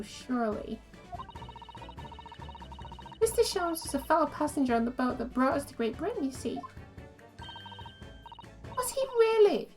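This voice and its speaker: A woman's voice: sits high, darkish tone, voice pushed up. A woman voicing a posh, cheerful young girl inventor in a game, with faint music behind. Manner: super posh accent.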